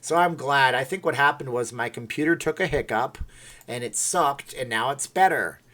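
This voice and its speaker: A middle-aged man chatting on his own livestream in a loose, rambling way. He reads viewers' comments aloud and laughs at his own attempts. The tone is playful and unhurried. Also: mid-range voice, pushed and bright. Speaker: livestream host. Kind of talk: casual livestream chat.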